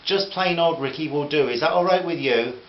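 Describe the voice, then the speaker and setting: A man's voice: a little high, a little fast, highs cut off, a little hiss or hum, pitched above the performer's own voice, natural voice. Friendly posh older lord, genial and upper-class, a man voicing him, roomy home recording. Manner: genial, upper-class, fond terms of address.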